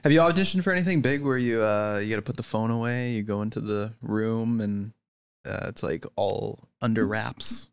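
A man's voice: on the low side, moderate pace, gravelly, clear, resonant tone. A man hosting a podcast, chatting casually and joking with his guest. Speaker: podcast host. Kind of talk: casual chat.

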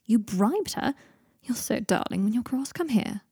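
A woman doing a stubborn, haughty young man who teases in a dry, arch way, with a husky tone and a warm, low-key sound. This is an audiobook reader putting on the voice. He stays dry and close to the mic. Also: expressive, unhurried, no room sound, full character voice. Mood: teasing. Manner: arch, teasing, stern.

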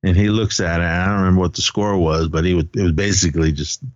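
A man co-hosting a podcast walks through a film scene by scene in loose, rambling chat, often slipping into quoted lines. His voice sits fairly low. The recording is dry and slightly dull. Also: steady tone, fast, no room sound. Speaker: podcast co-host. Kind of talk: casual movie recap chat.

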